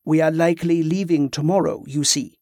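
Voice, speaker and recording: A man reading aloud, voicing a calm, formal man of authority who speaks in a measured way. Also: a little high, no echo, clean studio sound, natural voice.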